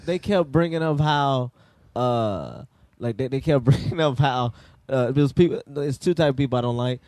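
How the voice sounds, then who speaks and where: A man's voice: mid-range voice, moderate pace, darkish tone, no room sound. A man co-hosting a comedy podcast, telling stories in casual banter with frequent laughs. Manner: laughing, storytelling. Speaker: podcast co-host.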